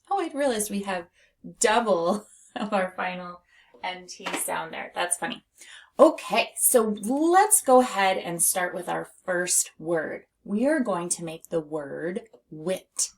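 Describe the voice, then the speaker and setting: A woman reading teacher leading a phonics lesson for young children, slowly and clearly sounding out letters and words. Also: lowish voice, lively intonation. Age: adult.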